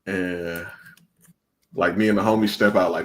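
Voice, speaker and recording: Low-voiced laid-back man telling stories. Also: fairly even intonation, moderate pace, creaky. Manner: laid-back storyteller, slangy and laughing often. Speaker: podcast co-host. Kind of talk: casual chat.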